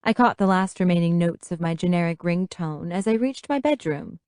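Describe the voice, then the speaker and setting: Female audiobook narrator, expressive and lively delivery, dry close-mic read. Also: lowish voice, normal speed, clear, resonant tone, dry recording. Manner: expressive storytelling. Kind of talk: first-person audiobook narration.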